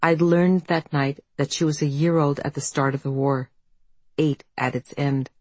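Low-voiced woman narrating her memoir. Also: fairly even intonation, a little mellow, dry recording. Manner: measured, reflective storytelling. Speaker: author and narrator. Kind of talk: audiobook narration.

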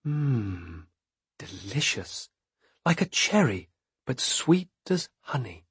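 A man's voice: mid-range voice, very animated, takes it slowly, slightly rough, dry recording, full character voice. A man reading an audiobook, voicing a coaxing female jailer who whispers breathily to lure a child. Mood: whispered coaxing.

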